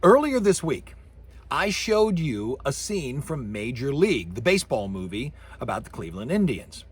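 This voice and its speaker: A man's voice: mid-range voice, normal speed, slightly rough. A middle-aged man teaching a college lecture on sound, joking and acting out sound effects as he goes. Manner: animated, jokey, acts out sounds and voices. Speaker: college communications professor. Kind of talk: recorded lecture.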